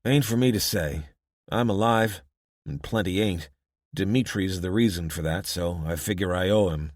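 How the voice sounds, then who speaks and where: A man's voice: low-pitched, moderate pace, no room sound, clean studio sound. Brief: wary male mechanic, folksy rural talk, grim and blunt, as a male narrator puts him on.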